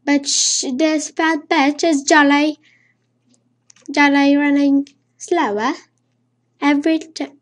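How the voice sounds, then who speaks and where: A woman speaking English as a second language talks through a horror game in a slow, somewhat high voice. She is jittery and swears constantly, humming nonsense syllables to steady her nerves. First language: not English. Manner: jittery, swears a lot, hums nonsense to stay calm. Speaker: let's play gamer.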